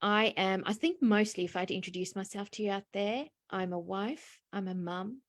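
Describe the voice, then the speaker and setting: A woman's voice: medium pitch, a little fast. An older woman from South Africa with a South African accent, a guest chatting on a video call about her life and work. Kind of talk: casual video call chat.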